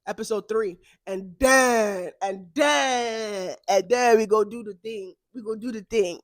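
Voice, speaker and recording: A woman with a Nigerian accent hosting her own podcast, lecturing her listeners in an emphatic rant that swings into loud outbursts. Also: medium pitch, a little slow, no echo. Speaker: podcast host. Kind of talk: ranting monologue.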